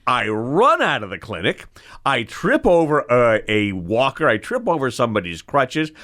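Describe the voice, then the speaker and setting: A middle-aged man, an eye doctor hosting the show, telling stories from his training in an animated, expressive way that acts out the scenes. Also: medium pitch, moderate pace. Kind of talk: storytelling in casual conversation.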